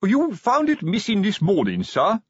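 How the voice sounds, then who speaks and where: A man's voice: high voice, wildly swooping pitch, a little slow, breathy edge, no echo, lo-fi sound, voice pushed up, heavily acted. A man voicing a portly, plodding watch sergeant who tries to sound official, in an audiobook. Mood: officious. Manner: earnest, trying to sound official. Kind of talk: audiobook character voice.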